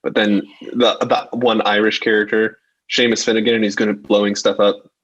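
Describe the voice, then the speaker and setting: A man's voice: fairly low pitch, flat delivery, moderate pace, fairly bright tone, slightly rough, lo-fi sound. A young man co-hosting a podcast, talking casually and rambling with many likes and restarts. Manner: rambling, hesitant, lots of likes. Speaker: podcast co-host. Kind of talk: casual chat.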